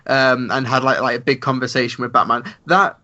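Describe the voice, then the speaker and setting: A man's voice: mid-range voice, flat delivery, a little fast, pushed and bright, muffled recording. A man co-hosting a casual movie review podcast, making dry, wry remarks. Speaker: podcast co-host.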